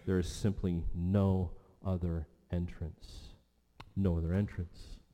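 A man's voice: deep voice, little pitch movement, slow, warm tone. A man preaching a sermon as pastor, with an emphatic delivery that rises and falls. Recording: long church hall reverb.

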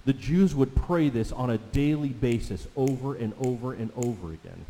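A man preaching a sermon as a pastor, emphatic, slowing down to stress each scripture quote. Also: mid-range voice, dark tone, in a large hall, low-quality recording.

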